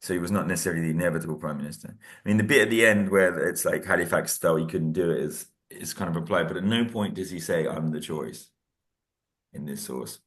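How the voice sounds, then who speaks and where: A man teaching history in a casual revision discussion, animated, laughing often and acting out what students say. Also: low-pitched, fast.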